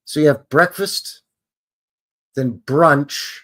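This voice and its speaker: Speaking slowly in a fairly high, slightly bright voice, a Canadian man hosts a livestream. He chats casually with live viewers, rambling and questioning himself as he goes.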